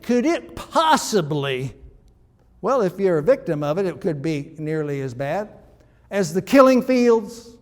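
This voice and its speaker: A man's voice: high voice, darkish tone, in a large hall. A male pastor preaching a sermon in a conversational, emphatic way, with frequent restarts.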